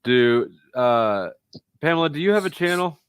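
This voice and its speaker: A man hosting a live stream panel in a relaxed, laid-back way, with quick asides to the panel. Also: a little high, clear, resonant tone, no echo.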